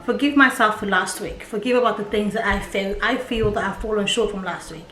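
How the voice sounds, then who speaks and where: A woman's voice: mid-range voice, brisk, a bit bright. A young adult woman, a mother vlogging at home, talking candidly and chattily in a casual style. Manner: candid and chatty, with quoted voices. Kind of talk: casual personal vlog talk. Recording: echoey room with faint hum.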